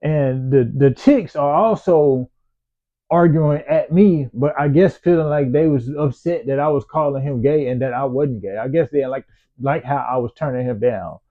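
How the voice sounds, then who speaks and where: A man's voice: mid-range voice, moderate pace. A man telling a story from his own life in a loose, profane, slangy way. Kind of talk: casual personal storytelling. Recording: tinny phone-like sound.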